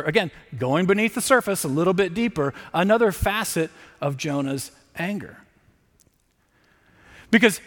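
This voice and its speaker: High-voiced preacher in a reverberant hall. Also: male voice, a bit bright. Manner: conversational preaching, with frequent "right?" tag questions. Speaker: pastor. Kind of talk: sermon. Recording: long reverb.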